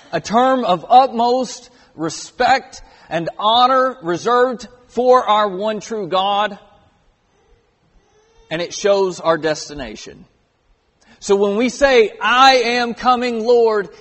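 Guy in his 30s preaching, pretty high voice, big echoey church hall. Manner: earnest, builds emphasis on key words. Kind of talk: sermon. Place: church auditorium. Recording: long hall reverb.

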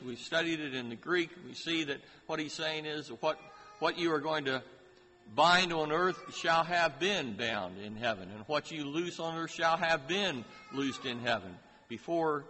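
A man preaching a sermon in a slow, deliberate way, lifting his voice to stress key phrases. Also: medium pitch, sharp tone. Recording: hall reverb with faint ambient noise.

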